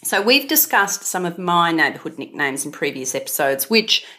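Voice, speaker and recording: A woman with an Australian accent, co-hosting a podcast and telling wry, deadpan stories in casual chat. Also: on the low side, normal speed. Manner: wry, storytelling, deadpan asides. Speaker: podcast co-host.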